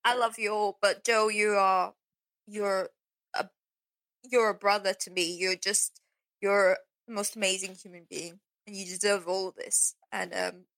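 A tender woman in a support group, close to tears, with a bright voice. The sound is dry and close, with no room echo. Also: medium pitch, flat delivery, a little slow. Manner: tender, emotional.

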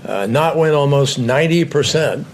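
A man's voice: mid-range voice, animated, slight background noise. A man speaking as a politician at a press briefing, formal and oratorical. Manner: formal, grand, slow oratorical delivery.

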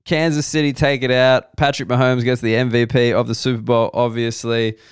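Wry Australian comedian rambling solo. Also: male voice, medium pitch, little pitch movement, brisk, smooth, no room sound, studio quality. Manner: rambling, wry, self-deprecating. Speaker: comedian and podcast host. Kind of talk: solo comedy podcast monologue.

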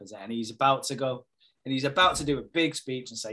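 A man chatting casually as a podcast co-host, recapping a TV episode with lots of swearing and quick impressions of the characters. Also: medium pitch, sharp tone.

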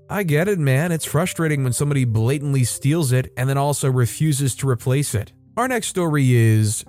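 A man narrating online stories in a casual, lively reading style. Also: medium pitch. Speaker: story narrator.

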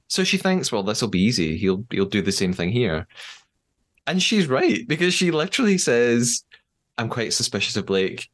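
A man with an English accent hosting a podcast, animatedly retelling events and acting out quotes. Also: mid-range voice. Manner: animated storytelling, acts out quotes. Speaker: podcast host. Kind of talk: casual recap chat.

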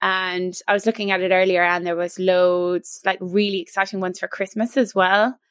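A woman co-hosting a casual podcast about cookbooks, chatty and quick to laugh. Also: fairly low pitch, level tone, clear, resonant tone, dry recording. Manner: chatty, giggly. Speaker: podcast co-host.

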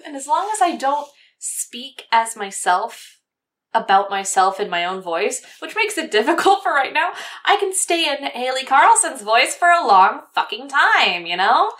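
A voice actress speaking playfully in a casual interview, cursing freely. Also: female voice, high voice, sing-song, unhurried, a bit bright. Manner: playful, swearing, laughing.

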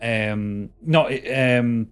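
Casting: a male game master describing scenes, hesitant and filler-heavy, with mid-range pitch. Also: extremely slow, smooth, faint music behind. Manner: hesitant, full of fillers and restarts. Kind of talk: narrating a tabletop game.

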